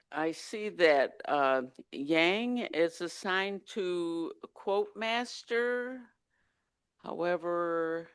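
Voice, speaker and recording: A woman's voice: lowish voice, clean tone, no echo. A woman chairing a club meeting over a video call, hesitant with many fillers.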